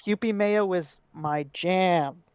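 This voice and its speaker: Animated woman podcast co-host. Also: on the low side, slow pace, clean tone, no echo. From United States. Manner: animated, swears freely, laughs often. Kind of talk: casual chat.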